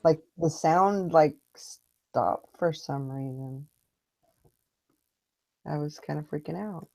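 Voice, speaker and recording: A woman's voice: low voice, slow, vocal fry, warm tone, no room sound. A woman hosting a morning online hangout, chatting casually and telling stories in a rambling way with restarts. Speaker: host of a morning hangout show. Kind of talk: casual chat. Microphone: online video hangout.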